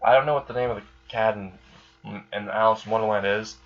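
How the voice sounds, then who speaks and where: A man's voice: fairly low pitch, steady tone, fast. Rambling man telling a fan story. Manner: rambling, casual, fillers like "like" and "you know". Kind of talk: improvised fan story narration. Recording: dull lo-fi recording.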